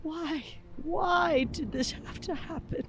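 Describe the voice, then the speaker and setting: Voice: mid-range voice, lively intonation, slow pace, dark tone, a little hiss or hum. A player doing a sobbing, desperate adventurer. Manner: pleading, sobbing, broken repetitions. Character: young adventurer Mick, traumatized and desperate.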